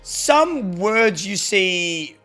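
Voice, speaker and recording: A man's voice: high voice, big pitch swings, very slow, bright, forceful tone, soft background music. An Australian man streaming live, chatting loosely with viewers, swearing now and then and thanking them for subs. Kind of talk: casual live-stream chat.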